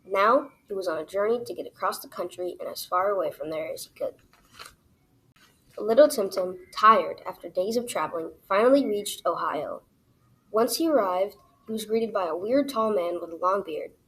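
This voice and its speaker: A woman reading her own children's story aloud as the storyteller, in an expressive, animated way. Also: medium pitch, moderate pace, rough recording.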